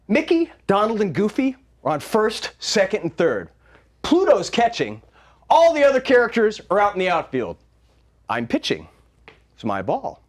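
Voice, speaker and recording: Guy telling a funny story on stage, high voice, really lively, wry. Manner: wry, animated. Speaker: solo storyteller. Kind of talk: performed comic monologue.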